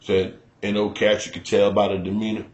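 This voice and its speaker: A man from Chicago hosting a loose, profane radio rant, animated and quick to slip into mock voices. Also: lowish voice, muffled recording. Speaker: radio show host. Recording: roomy studio echo.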